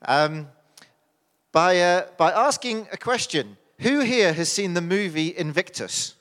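A man's voice: high-pitched, expressive, unhurried, fairly bright tone. Chatty British man preaching in a church hall. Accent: British English. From United Kingdom. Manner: chatty, joking, with many fillers and restarts. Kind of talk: sermon. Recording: hall reverb.

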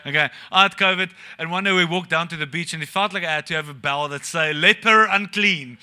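A man's voice: fairly high pitch, fairly even intonation, quick pace, pushed and bright, smooth. A young man, preaching a sermon at a church service in a casual, joking way and asking the congregation questions. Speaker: pastor.

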